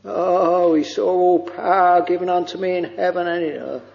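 Male preacher, gravelly and high, slow fervent sermon, muffled lo-fi chapel recording with long reverb. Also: steady tone, darkish tone. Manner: slow, fervent, drawn-out delivery with many "oh"s.

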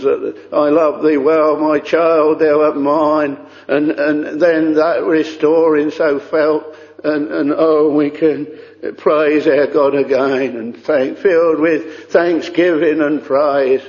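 A man preaching a sermon in an earnest, pleading way, often repeating phrases and crying out "oh". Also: a little high. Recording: dull lo-fi recording with long hall reverb.

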